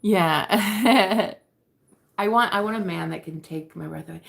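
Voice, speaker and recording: A woman's voice: lowish voice, a little fast, creaky. A woman chatting casually and candidly to her viewers, laughing often and swearing now and then. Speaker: vlogger. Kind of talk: casual confessional chat to camera.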